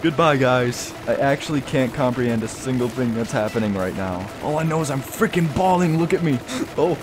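A young man giving casual gameplay commentary, excitable and jokey, often laughing. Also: medium pitch, a little fast, background noise. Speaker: gaming YouTuber.

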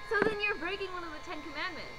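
A woman's voice: very high voice, quick pace, very noisy. A woman teasing and arguing bluntly in casual banter, commenting on a reading.

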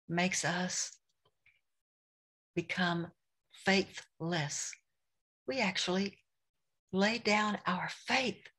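Slow, low-voiced woman giving a devotional talk. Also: fairly bright tone, husky. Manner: earnest, confessional, speaks prayers aloud. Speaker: Christian devotional speaker.

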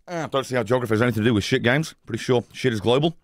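A British man hosting a live gameplay stream, ranting at chat with swearing and sudden shouted outbursts. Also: medium pitch, rapid-fire, no room sound, studio quality. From Britain. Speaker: streamer host.

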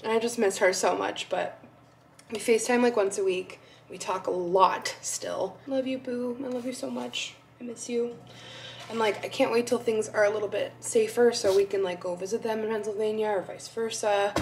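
A young woman vlogging casually at home, gushing and excitable, sometimes dropping to a soft voice. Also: mid-range voice, normal speed. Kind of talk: casual vlog chat. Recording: faint background noise.

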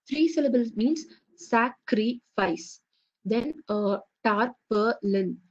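A woman teaches an online lecture, stopping often to check in with "okay". Her voice is mellow and a bit husky. The audio is dull and lo-fi. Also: a little high. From India. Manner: explanatory, repeats "okay" to check understanding.

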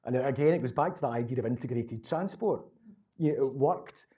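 A Glaswegian man talks through local history in a loose, rambling way, circling back on his words as he goes. His voice is mellow and warm. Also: medium pitch, moderate pace. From Scotland. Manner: rambling, conversational, repeats words. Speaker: local historian giving a talk. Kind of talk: casual talk answering audience questions.

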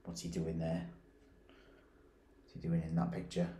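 A man, a primary school teacher reading a picture book aloud and stopping to ask his pupils gentle questions. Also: deep voice, completely flat delivery. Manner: gentle, questioning, reads slowly and pauses to ask. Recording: roomy echoey recording.

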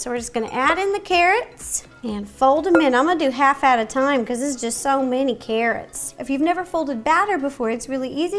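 A woman in her thirties hosts a baking tutorial in a bright, high voice. She is bubbly and playful and makes little sound effects as she goes. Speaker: baking show host.

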